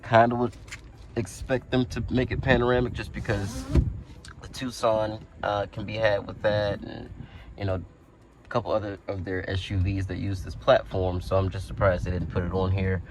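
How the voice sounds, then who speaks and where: A man reviewing a vehicle in a casual walkaround, talking in a relaxed, conversational way with plenty of fillers, recorded outdoors. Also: lowish voice, normal speed. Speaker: car reviewer.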